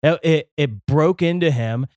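A young man co-hosting a faith podcast in a studio, telling stories in an animated way with many fillers and restarts. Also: on the high side, measured pace, dry recording. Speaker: podcast co-host.

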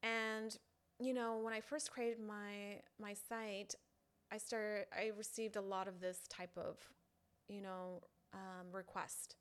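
A woman talks straight to her fans in a relaxed, unscripted way. She often pauses and restarts, leaning on little fillers as she explains herself. Her voice sits at an ordinary middle pitch for a woman. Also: clear, resonant tone. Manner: chatty, halting, full of "you know" fillers. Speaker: online content creator. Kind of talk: casual direct-to-camera talk.

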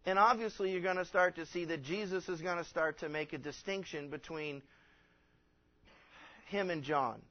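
Guy pastor giving a sermon, kinda high voice, earnest, lots of and-and restarts. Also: moderate pace, lo-fi sound. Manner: earnest, rising to emphatic when quoting scripture; fillers and repeated restarts.

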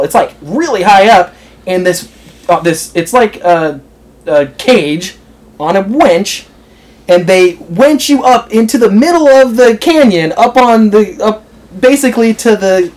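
A man's voice: sits high, lively intonation, measured pace. A young American man telling a story in casual chat, rambling with lots of fillers and laughing as he goes. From United States. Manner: rambling, filler-heavy, laughs through stories.

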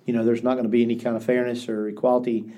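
Older pastor with a warm mellow voice. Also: male voice, medium pitch, little pitch movement, very fast. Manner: earnest storytelling with frequent restarts. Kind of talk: podcast interview.

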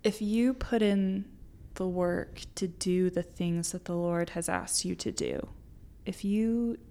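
A woman's voice: on the low side, slow pace, creaky, mellow. A woman guest on a podcast, talking earnestly and emotionally about her faith, getting choked up at times. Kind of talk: heartfelt faith conversation.

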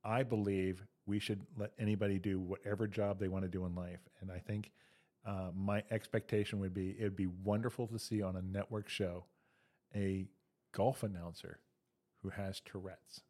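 A man's voice: sits low, little pitch movement, normal speed, mellow. A man co-hosting a comedy podcast, chatting casually and telling dad jokes and long joke stories. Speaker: podcast co-host.

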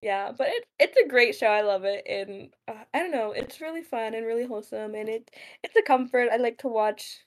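A woman's voice: a little high, animated, a little fast. A young woman co-hosting a podcast in casual chat, rambling with many fillers and giggles. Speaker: podcast co-host.

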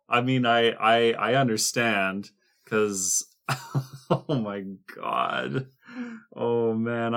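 A man co-hosting a podcast, explaining details of a cartoon series in a chatty way, with frequent restarts. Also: lowish voice. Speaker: podcast co-host. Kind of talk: casual discussion of a cartoon series.

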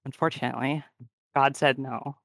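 A man's voice: medium pitch, fairly even intonation, unhurried, vocal fry, fairly bright tone, no echo. A man playing his character in a tabletop role-playing game, making dry, wry asides about his rolls. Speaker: player.

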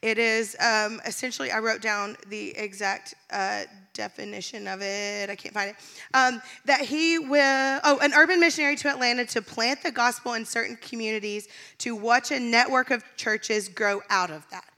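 Woman pastor talking to her church, kinda gravelly, candid, laughs a lot. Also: fairly high pitch, moderate pace, pushed and bright. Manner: candid, emotional, laughs often. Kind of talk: sermon-style church announcement. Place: church stage.

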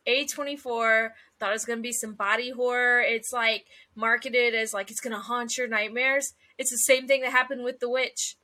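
A young woman co-hosting a casual podcast chat, animated and teasing, laughing often. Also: on the high side, moderate pace, few pauses. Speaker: podcast co-host.

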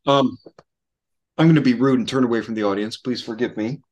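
Over an online call from home, a man co-hosts a podcast, chatting eagerly but haltingly and frequently restarting his sentences. His voice is mid-range and a little mellow, with lo-fi sound quality.

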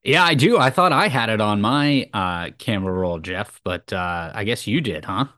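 A man's voice: on the low side, expressive, normal speed, pushed and bright, dry recording. A male co-host on a casual sports podcast, easygoing and jokey. He often stops on filler words mid-thought. The recording is dry and close. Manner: easygoing, joking, hesitant fillers.

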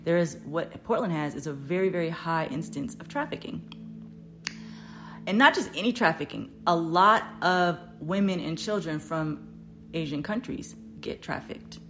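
A woman podcast host telling a story in a casual, animated, profane way, her voice jumping up loud when she quotes herself. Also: deep voice, moderate pace, faint music behind.

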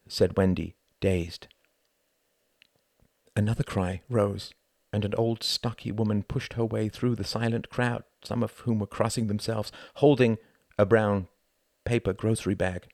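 A man who wrote the novel reads his own audiobook in a measured, expressive way. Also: lowish voice, creaky, no room sound, clean studio sound. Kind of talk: dramatic audiobook narration.

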